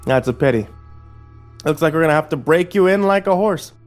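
A sneering, menacing sheriff from a spoken story, full of cold contempt. He drawls his taunts in a raised, forceful voice, played by a man narrating. Faint music sits under the reading. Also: on the high side, animated, brisk, pitched above the performer's own voice, natural voice. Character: menacing sheriff, older man, cruel and smug.

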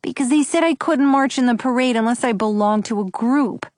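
A woman's voice: a little high, brisk, darkish tone, no echo, clean studio sound, voice pushed up, close to an everyday voice. A woman voicing an eight-year-old boy who is worried and miserable, speaking in a small, quivering voice. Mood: anxious.

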